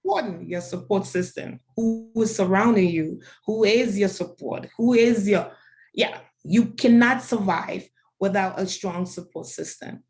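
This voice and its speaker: A woman's voice: mid-range voice, measured pace, darkish tone, soft background music. African-raised woman founder, earnest testimony, repeats lines like a preacher. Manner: earnest, declarative, preacher-like repetition. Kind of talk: interview answers, faith testimony.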